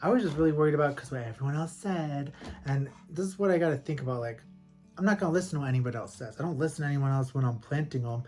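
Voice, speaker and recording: A man talking casually at home as a plant-collector vlogger, rambling and animated, with frequent laughs. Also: a little high, rapid-fire, faint music behind. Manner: rambling and animated, laughs often, lots of fillers. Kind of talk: casual chatty storytelling. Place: at home with houseplants.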